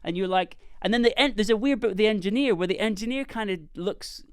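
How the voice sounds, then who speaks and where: A man with a somewhat high, smooth and clear voice, co-hosting a casual movie podcast. He recounts scenes in an animated way. The sound is close and dry. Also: fast talker, dry recording. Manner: animated storytelling, laughs often. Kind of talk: casual chat.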